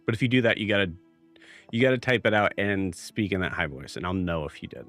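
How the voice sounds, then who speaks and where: Rambling low-voiced man hosting a stream. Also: expressive, quick pace, fairly bright tone, faint music behind. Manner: rambling, many filler words. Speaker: game master and show host. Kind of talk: live-stream announcements.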